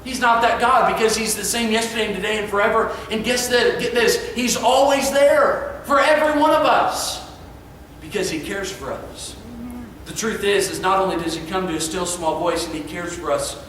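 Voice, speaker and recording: A man preaching an evening sermon, earnest and emphatic, dropping soft for quiet passages. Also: high voice, a little fast, slight background noise. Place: church sanctuary. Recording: echoey church hall, far from mic.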